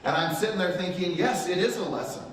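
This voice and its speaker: Speaking fast in a high-pitched voice, this real estate trainer animatedly tells a story to a live audience, performing the quotes as part of a motivational talk. The sound bounces around a very echoey room, with the man well away from the microphone.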